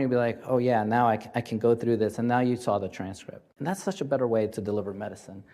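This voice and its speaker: A man's voice: mid-range voice, darkish tone. A man hosting an interview over a video call, enthusiastic and upbeat, with fillers. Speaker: host. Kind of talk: podcast interview and talk.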